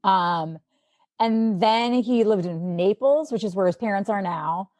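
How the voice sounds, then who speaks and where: A woman with a Midwestern accent, a sports anchor, chatting as a podcast guest and telling stories in a lively way. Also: medium pitch, a little slow, no echo. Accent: Midwestern American. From Milwaukee, Wisconsin. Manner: chatty, animated storyteller. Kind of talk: casual interview chat.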